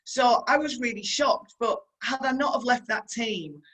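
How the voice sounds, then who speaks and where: A woman's voice: a little high, moderate pace, a bit bright, husky, poor audio. A middle-aged woman with a Yorkshire accent, a stunt performer giving a storytelling motivational talk, chatty and earnest, who repeats her advice and speaks straight to her listeners.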